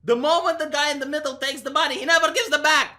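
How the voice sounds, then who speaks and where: A woman's voice: high voice, steady tone, fast talker, pushed and bright. Fiery Romanian-accented woman ranting. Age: 30s. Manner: heated, sarcastic, profane ranting. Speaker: commentary vlogger. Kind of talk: opinion rant to camera.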